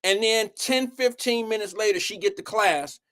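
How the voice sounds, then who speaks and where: A man's voice: high voice, moderate pace. A man hosting a live stream show, talking casually and telling stories in a rambling, profane way. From Ohio. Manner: animated, profane, rambling storyteller. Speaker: show host.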